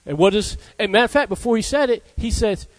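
A man's voice: high voice, fast talker, no echo, rough recording. A man preaching a sermon in a fervent call-and-response style, often asking "Amen?" and breaking into "Hallelujah,".

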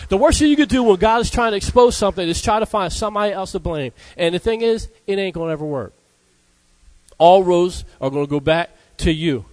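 Fervent high-voiced male preacher. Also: animated, brisk, a little mellow, no echo, rough recording. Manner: fervent call-and-response preaching, frequent "Amen?" and "Hallelujah". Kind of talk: sermon.

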